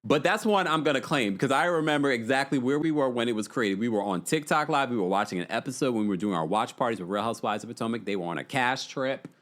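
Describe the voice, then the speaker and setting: An American podcast host hosts a casual livestream recap, chatting and reading viewer super chats aloud. His mid-range, slightly bright voice moves fast, with hardly any pauses.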